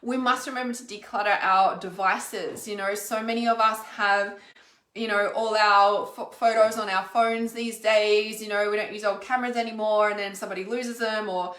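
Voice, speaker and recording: A woman's voice: medium pitch, steady tone, moderate pace, fairly bright tone. Chatty Australian woman in an echoey room. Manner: chatty, rambling, many fillers. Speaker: intuitive healer hosting a livestream. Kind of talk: casual livestream chat.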